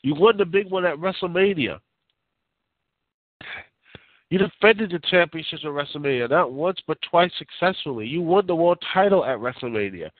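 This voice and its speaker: A man's voice: fairly high pitch, lively intonation, normal speed, no echo. A man hosting a casual call-in talk show, giving rambling, opinionated takes full of fillers and restarts. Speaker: podcast host. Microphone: phone line. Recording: tinny phone-line audio.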